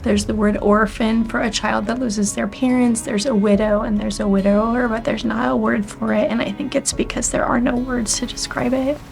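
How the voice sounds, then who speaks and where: Woman in her 40s telling her testimony, raspy fry in her voice, goes almost whispery, faint music under it. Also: fairly high pitch, fairly even intonation, moderate pace, hardly any pauses, a little mellow. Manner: candid and emotional, often dropping to a near-whisper. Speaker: church member sharing her testimony. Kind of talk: personal testimony to camera.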